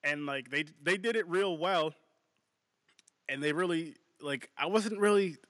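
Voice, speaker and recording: A man co-hosting a casual movie podcast, talking excitably with lots of swearing and restarts. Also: fairly high pitch, unhurried, no room sound, clean studio sound. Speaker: podcast co-host.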